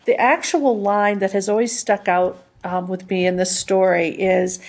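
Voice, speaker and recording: A woman's voice: medium pitch, a little slow, hardly any pauses, darkish tone. A woman co-hosting a comics review podcast, talking things through in a thoughtful, casual way with frequent restarts. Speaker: podcast co-host.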